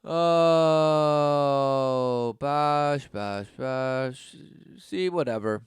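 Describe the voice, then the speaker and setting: A man's voice: mid-range voice, moderate pace, darkish tone, smooth, dry recording. A man giving preaching commentary, reading passages aloud and answering them with sarcastic, mocking remarks. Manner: reads study text aloud, then scoffs.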